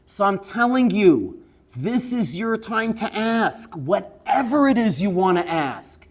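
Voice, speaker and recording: Animated man telling stories in a class. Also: sits high, takes it slowly. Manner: lively storyteller, keeps asking "yes?"; laughs while telling stories. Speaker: teacher. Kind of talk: lecture to students.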